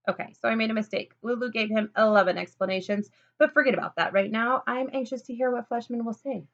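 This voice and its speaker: A woman reads a children's storybook aloud in a playful, chatty way, breaking off to talk straight to the listener. Her voice sits fairly high, and the recording sounds dull and lo-fi. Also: fast, few pauses. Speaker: storybook reader. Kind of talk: children's book read-aloud.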